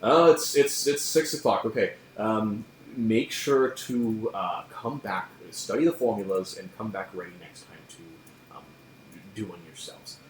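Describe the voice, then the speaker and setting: A man's voice: fairly low pitch, measured pace, slight background noise, natural voice. A man voicing a stern, intense male magic professor who talks curtly and formally, in an echoey room. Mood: lecturing. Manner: curt, formal and impatient.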